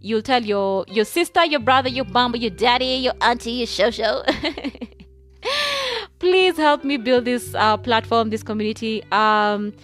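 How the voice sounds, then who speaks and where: A woman's voice: on the high side, normal speed, few pauses, a bit bright, faint music behind. A young woman with a Kenyan accent hosting her own podcast, talking in a chatty, effusive way and mixing English with Swahili. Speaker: podcast host. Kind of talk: casual solo podcast monologue.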